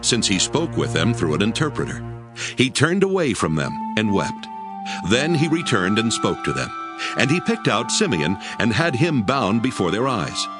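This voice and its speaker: A man narrating scripture in a steady storytelling manner. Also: medium pitch. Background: backing music.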